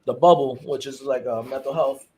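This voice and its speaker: Laughing as he goes, this man, a former corrections officer who co-hosts a podcast, shares a funny jail story in casual chat and imitates the voices of those involved. He speaks in a mid-range voice, steady in tone, at a moderate pace, with a crowd audible behind him.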